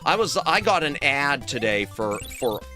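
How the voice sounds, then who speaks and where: Male streamer, young adult, chatty and jokey, bright tone, faint game music under him. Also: mid-range voice, big pitch swings, measured pace. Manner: joking, chatty, reads chat aloud, yelps at deaths. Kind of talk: casual gaming stream chat.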